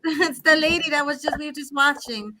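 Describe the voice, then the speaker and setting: A woman's voice: sits high, a little fast, crowd noise. A woman co-hosting a casual podcast chat, teasing and laughing along. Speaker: co-host.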